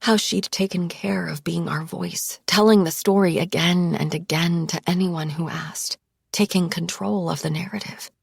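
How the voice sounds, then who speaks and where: A woman narrates a first-person psychological thriller in a hushed, tense, low-key voice with a gravelly, husky grain. The sound is close and completely dry. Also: steady tone, moderate pace, dry recording. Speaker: audiobook narrator.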